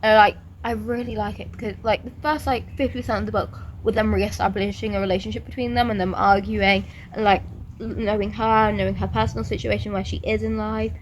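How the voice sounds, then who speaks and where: A woman's voice: medium pitch, steady tone, fairly quick, poor audio. A woman chatting casually about books, gushing and filling her speech with "like", recorded outdoors. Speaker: book vlogger. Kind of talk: casual chat. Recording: outdoor recording with traffic noise. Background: passing traffic.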